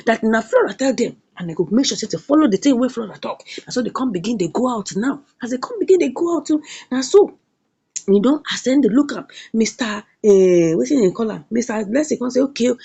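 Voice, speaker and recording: A woman with a Nigerian accent chats her way through a story recap. Her voice sits high and leaps around expressively. She slips into the characters' lines as she tells it. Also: vocal fry, mellow, breathy edge, lo-fi sound. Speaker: film reviewer. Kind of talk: casual plot recap.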